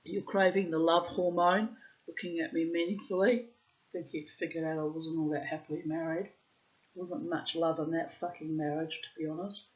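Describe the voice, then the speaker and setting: A woman's voice: sits low, fairly even intonation, normal speed, a little mellow. Frank, rambling New woman. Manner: frank, rambling, swears freely. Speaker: vlogger. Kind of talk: candid storytelling monologue. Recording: slightly dull lo-fi sound.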